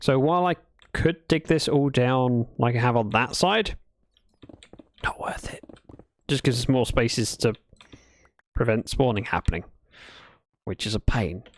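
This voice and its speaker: A man's voice: medium pitch, animated, moderate pace. A man chatting casually while livestreaming a building game, playfully telling dad jokes to his chat.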